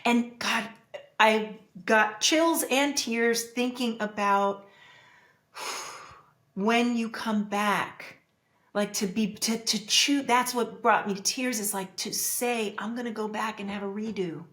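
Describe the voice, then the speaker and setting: A woman's voice: a little high, steady tone, slow pace, a bit bright. A woman hosting a casual podcast, who chimes in with short affirmations and emphatic asides. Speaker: podcast host. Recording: roomy echo.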